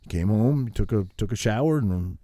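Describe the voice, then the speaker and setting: A man's voice: on the low side, animated, fairly quick, warm tone, no echo, studio quality. A middle-aged man from Maine, co-hosting a podcast and talking things over in a reflective, easy way. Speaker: podcast co-host. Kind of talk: casual chat.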